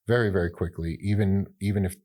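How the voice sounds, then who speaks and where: A man's voice: low voice, steady tone, fast talker, a little mellow. A man hosting an interview, thinking aloud and often repeating words as he shapes his points. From United States. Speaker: podcast host. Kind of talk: conversational interview.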